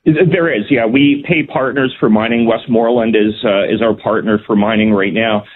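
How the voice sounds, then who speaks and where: A man, a provincial minister, defending policy in a radio interview, measured and full of ums. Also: lowish voice, steady tone, slight background noise. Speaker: provincial cabinet minister, guest. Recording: tinny phone line.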